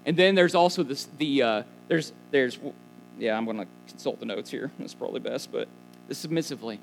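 A man's voice: medium pitch, brisk, creaky, soft background music, low-quality recording. A man preaching a sermon in a conversational way, asking questions of the listeners and making casual asides. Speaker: pastor.

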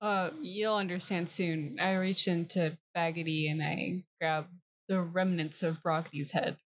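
A woman's voice: lowish voice, fairly even intonation, measured pace. A woman playing a tabletop game, casual and playful. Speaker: player.

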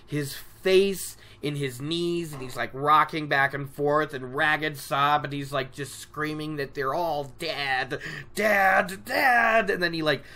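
Podcast host with a casual, animated recap style, slow pace, bright tone, laughs a lot. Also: mid-range voice. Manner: laughs often, animated and self-mocking.

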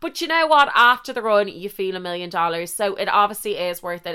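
A woman's voice: medium pitch, lively intonation, brisk, hardly any pauses, sharp tone, smooth. A young Irish woman in her twenties telling a rambling story in a casual monologue, swearing freely and interrupting herself.

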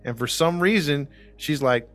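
A man's voice: on the high side, moderate pace, fairly bright tone. A man talks through a true-crime case in loose, casual podcast style. He rambles with plenty of fillers and slips into quoting the people in the story, while faint music plays underneath. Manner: rambling, lots of fillers, acts out quotes. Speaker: podcast host.

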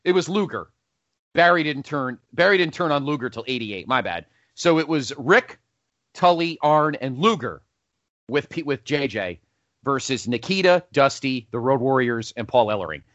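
A man's voice: mid-range voice, moderate pace, no echo, muffled recording. A man hosting a casual podcast countdown, rambling and correcting himself as he goes. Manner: rambling, self-correcting, animated. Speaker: podcast host.

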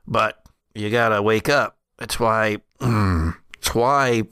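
A gravelly, battered old man with a low, slow drawl, as a man puts him on. He speaks dry and close, with a grim, insistent edge. Every word drags. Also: sharp tone, no room sound, full character voice. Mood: urgent. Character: battered old man, the boy's much older brother, menacing.

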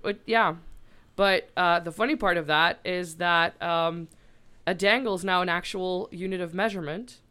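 Woman, podcast co-host, chatty and loose with fillers, very clear resonant tone. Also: on the low side, normal speed, sharp tone. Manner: chatty, lots of fillers, swears casually. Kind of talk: casual chat.

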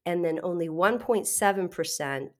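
A middle-aged woman speaks in a low voice as an interview guest. She tells her story candidly and animatedly, laughing between phrases and restarting sentences quickly. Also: lively intonation.

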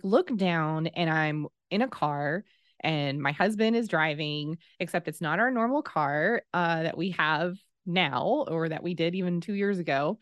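A woman in her thirties telling a personal story in casual conversation, acting out the quoted dialogue with lively swings in her voice. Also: fairly low pitch, smooth, no echo. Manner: animated, acts out quoted dialogue.

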